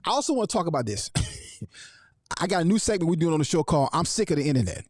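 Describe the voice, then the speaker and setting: A man's voice: a little high, very animated, fast, faint music behind. A man hosting a live online show, talking to viewers and greeting them by name in a sing-song way. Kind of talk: live-stream talk with viewer shout-outs.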